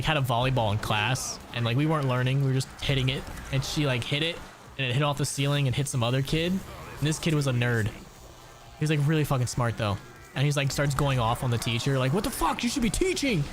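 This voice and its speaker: A young man streams a game and rambles in a loose, profane, laugh-filled way, his pitch sitting mid-range for a man. Background music plays clearly under his voice the whole time. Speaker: gaming streamer. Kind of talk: casual gameplay chat.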